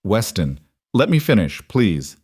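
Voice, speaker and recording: A man voicing a gentle, earnest cowboy rancher whose quiet voice is rough with old grief. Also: lowish voice, very animated, measured pace, dry recording, studio quality, exaggerated voice. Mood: grieving. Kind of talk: audiobook character reading.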